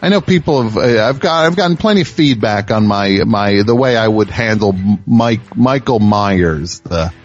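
A man's voice: fairly low pitch, a little mellow, muffled recording. A male radio show host rambling through a self-mocking comic monologue with many restarts.

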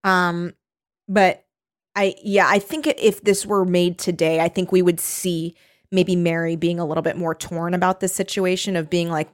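A woman's voice: on the low side, level tone, normal speed. A woman casually discussing a novel with a co-host, thinking aloud with lots of fillers and the odd swear word. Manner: chatty and reflective, with frequent fillers and swearing. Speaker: podcast co-host.

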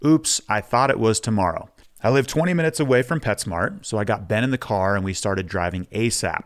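A man's voice: lowish voice, lively intonation, brisk. Frank, casual-sounding man hosting a podcast. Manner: frank, casual, swears freely. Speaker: podcast host. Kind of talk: candid podcast monologue.

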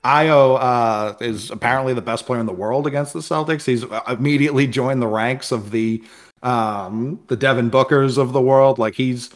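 A young man co-hosting a casual sports talk show. He tells stories with energy and acts out other people's lines in the middle of them. His voice sits at an ordinary middle pitch. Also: moderate pace. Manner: animated storyteller, acts out quoted voices. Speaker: podcast co-host. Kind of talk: casual chat.

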